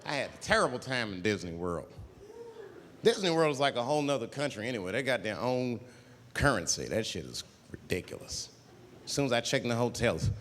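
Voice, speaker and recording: A man performing a stand-up comedy routine on stage, talking in an animated way and jumping into loud put-on voices. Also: mid-range voice, fairly quick, slight background noise. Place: stage in a large hall. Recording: live hall recording, faint ambience.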